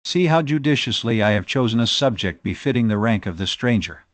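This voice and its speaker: A man's voice: medium pitch, expressive, a little fast, dry recording, lightly acted. A man voicing a prim, bold spinster gossip.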